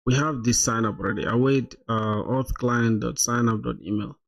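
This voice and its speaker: A man's voice: mid-range voice, steady tone, moderate pace, creaky. A man live-streaming his coding, thinking aloud in casual chat, laughing often and calling viewers "bro".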